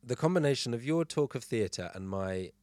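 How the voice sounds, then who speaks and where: On a podcast, a man casually tells an anecdote, animatedly acting out what people said. His medium-pitched voice moves at normal speed, and the recording is dry.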